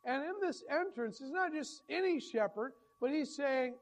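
A man preaching a folksy, rambling sermon, his voice hoarse and often interrupted by throat-clearing. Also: extremely high pitch, animated, normal speed, rough recording. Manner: folksy, rambling, many restarts and fillers. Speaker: pastor.

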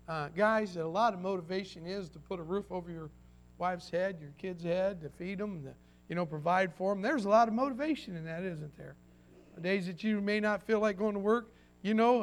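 Man, pastor, high voice, folksy sermon, acted-out quotes, restarts. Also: normal speed.

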